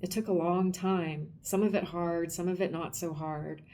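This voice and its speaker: A woman's voice: fairly low pitch, steady tone, moderate pace, mellow, slight background noise, close to an everyday voice. A woman reading as a wistful middle-aged woman.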